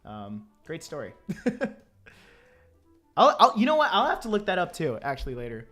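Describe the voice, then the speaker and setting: A man's voice: a little high, wildly swooping pitch, normal speed, pushed and bright. Laid-back guy drawing on stream, answering chat, laughs a lot, trips over his words, faint music behind. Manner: rambling, laughs often, many restarts. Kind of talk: casual livestream chat, answering chat. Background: faint background music.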